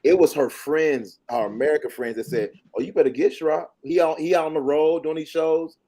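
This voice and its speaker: A man's voice: fairly high pitch, fairly quick. Man. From Greensboro, North Carolina. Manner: lively storyteller, slangy. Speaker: panel guest. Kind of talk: casual podcast banter.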